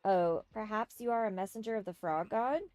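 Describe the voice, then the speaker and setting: A woman voicing a mystic frog sorceress who slips into ribbits, speaking slowly and in a hushed voice. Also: medium pitch, dry recording, close to an everyday voice. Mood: mystical. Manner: croaks ribbits, slow and hushed.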